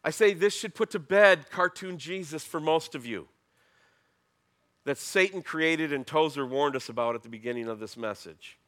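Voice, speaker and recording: A middle-aged man preaching a sermon as pastor, talking in a conversational way with emphatic, animated bursts. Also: on the high side, moderate pace.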